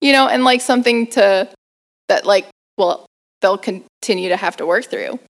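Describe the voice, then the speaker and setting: A woman telling a personal story in an interview, animated, laughing often and using lots of fillers. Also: medium pitch, normal speed. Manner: acts out family members' voices. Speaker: guest performer.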